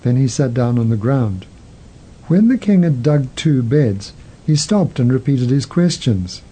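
A man hosting a show, narrating a story in a measured, gentle way. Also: medium pitch, expressive, slightly rough, low-quality recording. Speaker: host.

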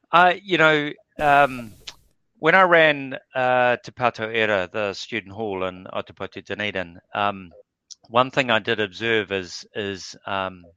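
A man's voice: fairly low pitch, bright, forceful tone, clean tone, no room sound, lo-fi sound. A man answering interview questions in a casual, hesitant way, full of fillers and restarts. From New Zealand. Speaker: guest.

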